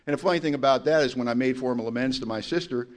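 A man giving a personal testimony to a recovery meeting, with a voice of middling pitch. He talks bluntly and mocks himself, and he tells his story with energy, slipping into the voices of the people he quotes. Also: racing. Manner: blunt, confessional and self-mocking.

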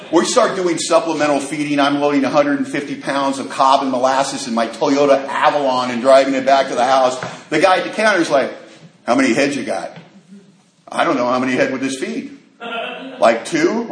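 A man speaking to an audience at a recovery meeting, telling a personal story with lively acted-out dialogue. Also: on the high side. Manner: animated storyteller acting out quoted dialogue. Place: large meeting hall. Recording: echoey hall with faint noise.

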